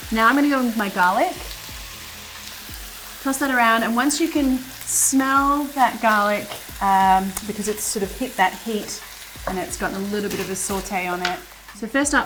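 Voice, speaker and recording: Speaking at a medium pitch over background noise, a woman hosts a cooking show in her home kitchen. Her talk is chatty and relaxed, full of fillers, as she walks casually through a recipe while cooking.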